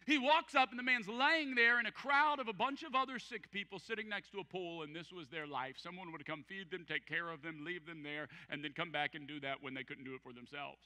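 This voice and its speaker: Bright-voiced man preaching in a reverberant church. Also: high-pitched, brisk, hardly any pauses. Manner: emphatic, repeats lines, acts out quoted voices. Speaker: pastor. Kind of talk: sermon. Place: large church hall. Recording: church hall with long reverb.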